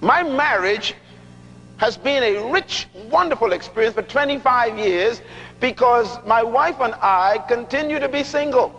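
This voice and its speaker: High-voiced preacher in an echoing hall. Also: male voice, expressive, bright, forceful tone. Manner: emphatic, repeats key lines slowly for effect; humorous, teasing the audience. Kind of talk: sermon. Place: large church hall. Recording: dull lo-fi recording with long hall reverb.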